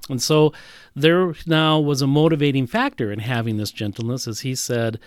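A man's voice: mid-range voice, steady tone, moderate pace, smooth, no room sound. A man preaching a sermon, teaching from a Bible passage with emphatic, repeated phrases. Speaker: pastor.

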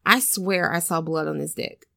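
A woman casually chatting and retelling a film scene, animated and storytelling. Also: deep voice, normal speed, creaky, no room sound, clean studio sound. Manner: chatty, animated storyteller who acts out quotes. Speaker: podcast co-host. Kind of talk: casual chat recapping a film.

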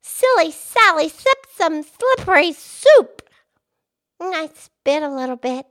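A woman's voice: animated, a little slow, sharp tone, full character voice. A woman voicing a cheerful cartoonish pig who hosts a children's podcast, bubbly and enthusiastic. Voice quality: very high squeaky put-on voice. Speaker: host. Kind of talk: kids' podcast character play.

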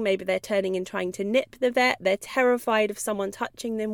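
A woman's voice: a little high, moderate pace, hardly any pauses, no room sound, clean studio sound. A woman hosting a podcast about dogs, chatty and laughing often. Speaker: podcast host, dog trainer. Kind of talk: podcast monologue.

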